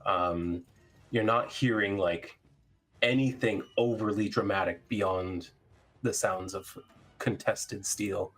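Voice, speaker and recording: Low-voiced man running a tabletop game. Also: takes it slowly. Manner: relaxed, hesitant, many ums. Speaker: game master.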